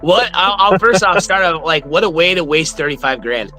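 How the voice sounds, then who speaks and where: Excitable, bright-voiced laughing man. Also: fairly high pitch, moderate pace. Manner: excitable, laughs often, swears freely. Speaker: co-host of a horror movie review show. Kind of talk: casual podcast chat.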